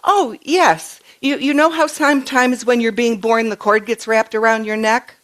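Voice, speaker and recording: A precocious little girl, played by a woman telling a story from a sermon. She sounds insistent and slightly exasperated, with a high, bright voice that rises when she presses her point. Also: moderate pace, natural voice. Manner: earnest, insistent, patiently explaining. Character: precocious three-year-old girl, matter-of-fact. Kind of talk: acted quote in a sermon story.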